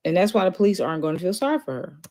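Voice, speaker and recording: A woman's voice: lowish voice, very animated, rapid-fire, warm tone. A woman streamer giving casual, mocking commentary over a played clip, talking straight to her viewers.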